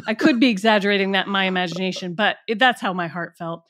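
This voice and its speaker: A middle-aged actress guest telling a story in a casual interview, animated and laughing as she goes. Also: medium pitch, fast talker.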